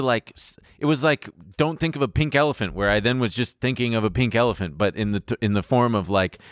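A man's voice: mid-range voice, no room sound, studio quality. A man co-hosting a podcast who makes wry quips in casual chat and tells stories about his dates, mimicking the people in them. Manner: wry quips, acts out a date's voice. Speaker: podcast co-host.

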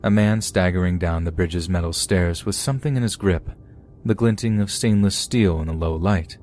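A man hosting a podcast, reading listeners' true horror stories aloud in a steady storytelling way. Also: low-pitched, moderate pace, a little hiss or hum. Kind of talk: scripted horror story narration.

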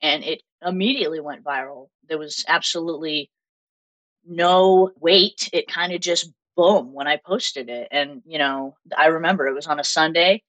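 A woman in her twenties with a Massachusetts accent, telling stories as an interview guest in an animated way with frequent laughter. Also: deep voice, moderate pace, rough recording. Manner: animated storytelling, laughs often. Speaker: guest makeup artist. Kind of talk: casual interview chat.

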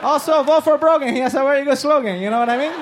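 A man voicing his exasperated immigrant father, shouting. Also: very fast, slight background noise. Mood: scolding. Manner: shouting, high and strained.

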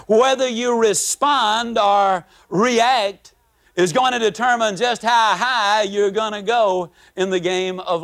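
A man delivers a motivational talk in a fairly high voice. He tells folksy stories and breaks into acted-out rants. His delivery is animated and homespun. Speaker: motivational speaker. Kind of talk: motivational speech.

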